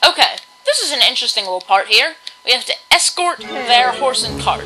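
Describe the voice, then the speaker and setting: A woman's voice: fairly high pitch, animated, a little fast, hardly any pauses, poor audio. A woman giving playful gameplay commentary with joking asides. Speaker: let's play commentator. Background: game music.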